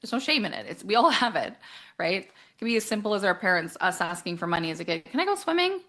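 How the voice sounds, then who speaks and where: A woman coach talking casually in an interview, animated, acting out quoted voices and laughing often. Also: on the low side, fast.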